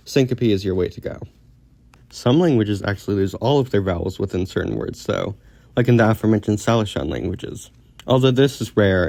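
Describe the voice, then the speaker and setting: Male narrator for an educational voice-over, lower pitch, dry sound, calm explanatory read. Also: vocal fry, dry recording. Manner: measured, explanatory delivery. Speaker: linguistics video creator.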